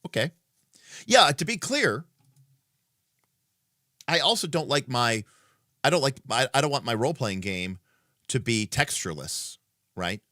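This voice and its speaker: A man's voice: medium pitch, animated, a little slow, long pauses, pushed and bright, no echo, clean studio sound. A man hosting a casual livestream who thinks aloud, with many fillers and restarts, in an emphatic, opinionated way. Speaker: livestream host.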